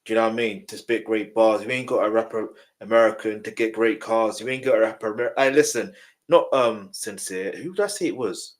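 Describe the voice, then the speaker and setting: Male streamer, lowish voice, chatty, bursts into loud protest. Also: a little fast. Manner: animated, with sudden loud outbursts. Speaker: live-stream reaction host. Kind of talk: casual live-stream reaction talk.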